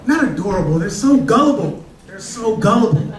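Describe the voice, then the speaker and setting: A man's voice: high voice, sing-song, moderate pace. A man doing a casual stand-up comedy set, telling stories in a loose, conversational way. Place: comedy club stage. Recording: echoey club, distant mic, crowd. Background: audience laughter.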